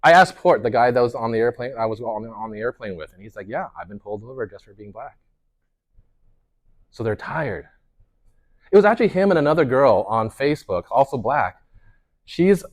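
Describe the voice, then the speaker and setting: A pastor leads a workshop conversationally, telling stories as an animated narrator. His pitch swings lively, and his speech is full of restarts and fillers.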